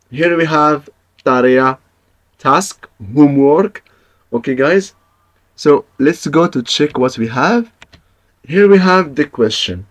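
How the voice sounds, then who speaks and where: Man, language lesson, unhurried delivery, mid-pitched voice, repeats examples, checks in with viewers often. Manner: patient, repeats each example, checks in with "okay, guys". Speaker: Spanish teacher.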